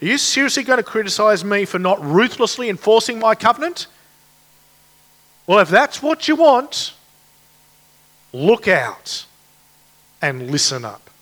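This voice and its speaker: A man preaching lends his voice to a weary, fed-up God, throwing sarcastic questions back at his people. The voice sits fairly high. It is the preacher's own voice, only lightly put on. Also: animated, takes it slowly, pauses often, fairly bright tone, heavily acted. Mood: exasperated.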